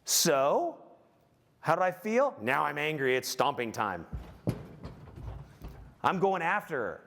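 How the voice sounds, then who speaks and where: Man, keynote speaker, lively swooping pitch, slightly high voice, storytelling, quizzes the crowd. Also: slow pace, gravelly, pauses often. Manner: animated storytelling with audience questions; self-mocking, acts out his own anger. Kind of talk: motivational keynote talk.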